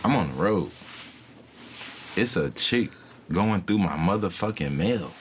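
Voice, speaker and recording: A man with a low-pitched voice tells a story on a casual podcast. His telling is profane and animated, full of acted-out quotes, with a faint noise under the recording. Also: measured pace. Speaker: podcast co-host.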